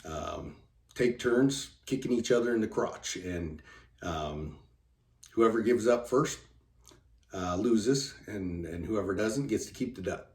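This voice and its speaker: A man's voice: lowish voice, expressive, slow, darkish tone. A man doing a stubborn, sly farmer. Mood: firm. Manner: firm and matter-of-fact. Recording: roomy sound from a distant mic.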